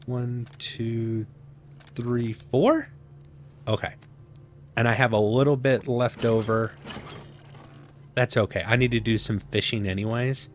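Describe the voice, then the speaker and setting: A man with a mid-range, steady voice talks slowly through his survival game, pausing often, with slight background noise. He rambles to himself in casual let's-play fashion, dropping sarcastic asides.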